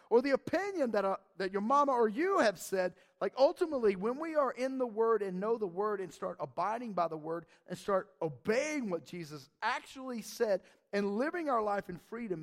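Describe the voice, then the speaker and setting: A pastor preaching in a loose, slangy way, his voice sitting very high for a man. He jokes, drops fillers, and pushes his points with excitement. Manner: animated, slangy, playful, many fillers. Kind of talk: casual sermon.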